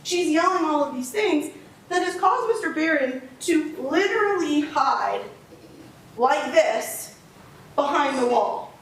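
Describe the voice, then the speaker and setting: A woman's voice: high voice, expressive, takes it slowly. A woman prosecutor giving a closing argument to a jury, explaining the law step by step with emphasis. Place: courtroom. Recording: echoey courtroom audio from a distance.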